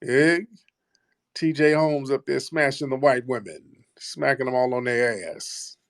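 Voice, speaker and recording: A man's voice: medium pitch, unhurried, gravelly, fairly bright tone, no echo. A man hosting a call-in talk show, speaking bluntly and mocking callers. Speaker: host.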